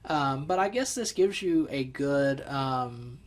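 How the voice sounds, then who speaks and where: A man's voice: medium pitch, lively intonation, takes it slowly. A man hosting a podcast in easygoing casual chat, laughing often and steering the conversation. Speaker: podcast host.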